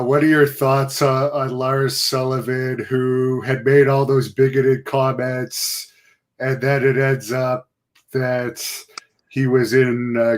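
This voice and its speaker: A man hosting a casual live interview, reading out fan questions in a matter-of-fact way. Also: mid-range voice.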